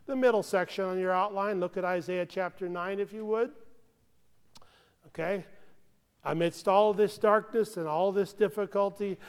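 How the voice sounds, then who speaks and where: An American man delivers a sermon in a conversational, earnest way, with a voice sitting a touch high for a man. He keeps checking in with the congregation and drops to near-hushed tones on solemn points. The sound carries a long reverb from a large hall. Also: fairly even intonation, normal speed, smooth. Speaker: pastor.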